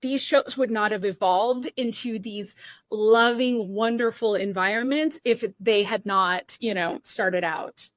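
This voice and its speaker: A woman's voice: mid-range voice, measured pace, no room sound. A middle-aged woman hosting a podcast, talking in a reflective, rambling way about her own time as a contestant years ago. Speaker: podcast host, former cooking show contestant. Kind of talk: casual interview chat.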